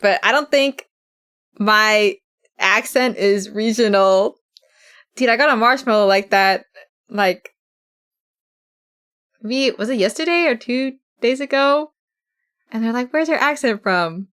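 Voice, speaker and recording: A woman's voice: medium pitch, slow pace, long pauses, a bit bright. A woman from the West Coast of the US, a streamer chatting casually with viewers, reading chat aloud and laughing often.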